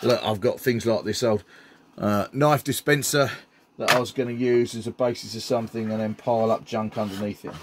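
A man's voice: on the low side, steady tone, fairly quick, background noise. A middle-aged man, chatting enthusiastically while showing off his hobby builds, with frequent ums. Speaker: scenery builder. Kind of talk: casual hobby show-and-tell.

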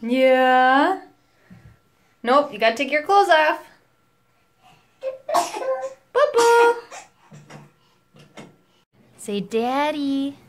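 A woman filming her babies at home on a handheld phone, talking in a gentle, coaxing, sing-song baby voice. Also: high-pitched, slow. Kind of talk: home video baby talk. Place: family home.

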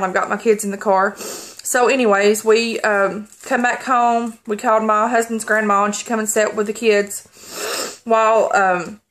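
A woman vlogger holding back tears as she tells a personal story, halting and rambling with many pauses and restarts. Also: fairly high pitch, a bit bright.

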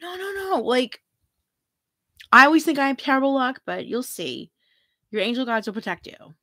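A woman's voice: high voice, animated, normal speed, sharp tone, no echo, studio quality. A middle-aged woman hosting a free tarot reading livestream, chatting casually, giggling often and reading viewer comments aloud.

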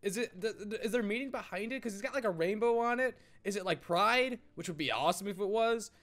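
A man's voice: high voice, fast, fairly bright tone. A man hosting a let's play, giggly and rambling, easily sidetracked while chatting through the game. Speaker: gaming channel host.

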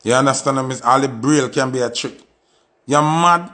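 A man's voice: mid-range voice, fairly quick, sharp tone. A man with a Jamaican accent delivering an impassioned, pleading monologue with lots of repetition. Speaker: artist giving commentary.

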